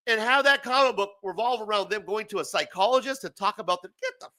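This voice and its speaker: A man's voice: sits high, lively intonation, fairly quick, pushed and bright. Brash, profane man ranting late at night. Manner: profane, rambling, laughs often. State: voice failing, tired. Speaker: livestream host. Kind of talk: late-night livestream rant.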